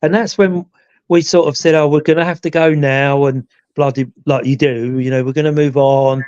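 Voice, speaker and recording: A man's voice: a little high, level tone, moderate pace, darkish tone, smooth, dry recording, muffled recording. A man, rambling through the story of a ghost hunt on a live chat show with a lot of "you know" asides. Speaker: ghost hunter, show regular. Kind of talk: casual live chat recounting an investigation.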